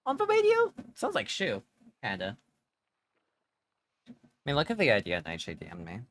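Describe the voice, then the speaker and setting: A man's voice: lowish voice, wildly swooping pitch, normal speed, fairly bright tone, no echo. A man streaming a horror game live, joking with chat and reacting aloud as he plays. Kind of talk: live gameplay commentary.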